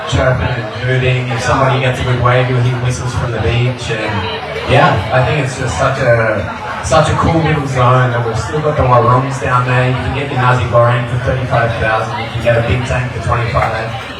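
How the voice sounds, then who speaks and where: A man's voice: medium pitch, flat delivery, brisk, over loud music. A man hosting an easygoing, casual panel chat at a live event. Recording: far off in an echoey room with loud background noise.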